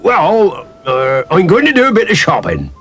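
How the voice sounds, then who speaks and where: Hearty old sailor, bouncy high voice, salty old-fashioned talk, a man doing him. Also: wildly swooping pitch, moderate pace, fairly bright tone, slightly rough, faint music behind, full character voice. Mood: kindly. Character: jolly old seafaring man, good-humoured.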